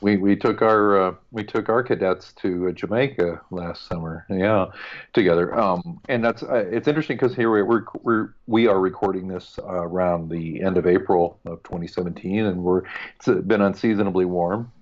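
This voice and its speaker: A man's voice: low voice, moderate pace, dull audio. A man co-hosting a podcast in casual chat, joking and rambling with asides. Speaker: podcast co-host.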